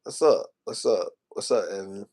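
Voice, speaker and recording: A man's voice: on the low side, expressive, normal speed, gravelly, a little mellow. A man in his twenties venting to a livestream chat in a casual, slangy rant, repeating himself and growing emotional. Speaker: streamer.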